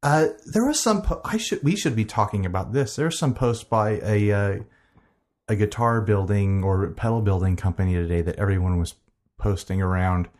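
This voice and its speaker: A man's voice: lowish voice, moderate pace, darkish tone. A man co-hosting a casual podcast, chatting in a rambling, enthusiastic way and laughing easily. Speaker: podcast co-host. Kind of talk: casual chat.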